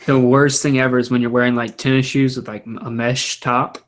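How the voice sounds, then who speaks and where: A man co-hosting a maker podcast, telling animated stories in casual chat and laughing often. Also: mid-range voice, fairly quick. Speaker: podcast co-host.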